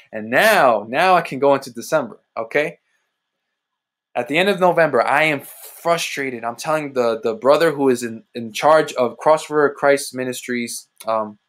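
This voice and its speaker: A man's voice: lively intonation, unhurried, a bit bright. Emphatic man giving a testimony. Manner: emphatic, repetitive, preacherly with sudden rises in pitch. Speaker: ministry host giving testimony. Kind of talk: personal testimony livestream.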